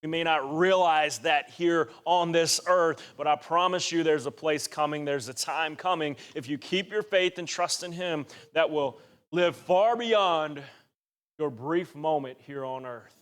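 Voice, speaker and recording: A man's voice: fairly high pitch, unhurried, a bit bright, clear, resonant tone. A man preaching a sermon, earnest and rising to emphatic exhortation.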